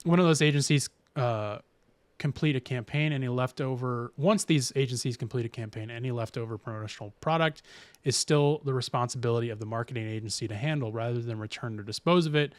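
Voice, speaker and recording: A man's voice: mid-range voice, a little fast, dry recording. A man hosting a podcast in casual chat, rambling and reading news aloud with restarts. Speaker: podcast host.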